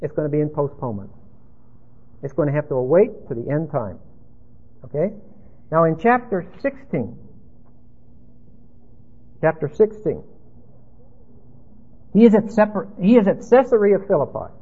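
Brief: male preacher teaching a sermon, husky and fairly high, tinny lo-fi sound. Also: animated, moderate pace, pauses often. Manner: emphatic, rambling teaching. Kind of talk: expository sermon.

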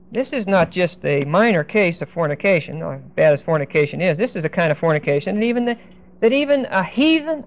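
A man teaching a verse-by-verse Bible lesson, speaking deliberately and with emphasis, stopping now and then to look up verses. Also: sits high. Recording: dull lo-fi recording.

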